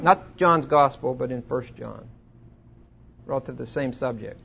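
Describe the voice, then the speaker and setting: A man teaching a Bible study in a conversational way, asking his listeners questions and getting louder when he quotes scripture. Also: medium pitch, animated, measured pace, vocal fry, slightly rough, highs cut off. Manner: asks the audience questions.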